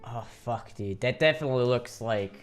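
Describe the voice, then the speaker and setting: A man's voice: medium pitch, normal speed, faint music behind. Man, podcast co-host, casual chat, rambling, laughs a lot, swears freely. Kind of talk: casual chat over a call. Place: home in Florida.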